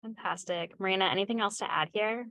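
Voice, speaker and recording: A woman moderating a webinar over a video call, briskly affirming the panelists and moving on to the next topic. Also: mid-range voice, vocal fry, fairly bright tone, dry recording.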